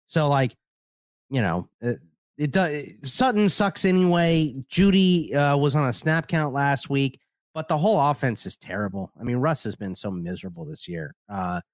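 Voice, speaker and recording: A man co-hosting a sports podcast, talking in a laid-back way with drawn-out filler words. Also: mid-range voice, expressive, dry recording, clean studio sound. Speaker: podcast co-host. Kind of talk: casual sports chat.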